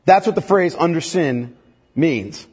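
Husky, animated preacher in an echoey hall. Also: male voice, fairly high pitch, measured pace. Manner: emphatic, repeats "okay?" to the congregation. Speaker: pastor. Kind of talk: sermon.

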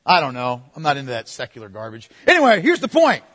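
A man preaching a sermon, moving between forceful proclamation and hushed, playful asides to the congregation. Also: on the high side, wildly swooping pitch, fast, long reverb tail. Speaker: pastor.

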